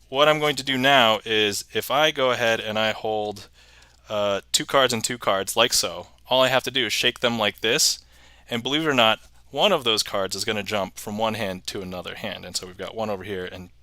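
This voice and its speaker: A man's voice: fairly low pitch, normal speed, sharp tone, no room sound. A man hosting a casual livestream magic show, chatting, reading viewer messages aloud and chuckling often.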